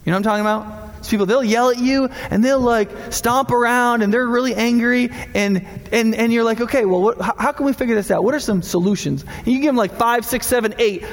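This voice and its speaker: A man's voice: very high-pitched, a little fast. A man preaching as a pastor in a casual, conversational sermon, acting out the voices of people he quotes. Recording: long hall reverb.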